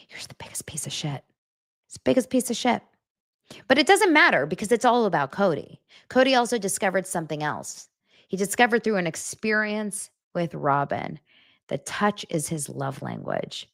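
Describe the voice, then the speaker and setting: A woman hosting a pop culture show, recapping reality TV in a sarcastic, animated way, with loud bursts and muttered asides. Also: medium pitch, moderate pace, gravelly. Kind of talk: casual commentary recap.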